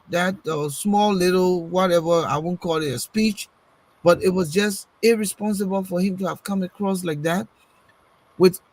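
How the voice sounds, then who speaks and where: His voice sits high and sounds husky, captured on a low-quality recording. During casual political talk on a talk show, he fires off rhetorical questions and repeats himself as he hunts for the next thought.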